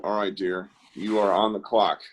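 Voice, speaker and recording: Low-voiced man leading a live art session over video call, upbeat and encouraging. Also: flat delivery, moderate pace. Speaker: host of an online art class. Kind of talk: casual live-stream instruction.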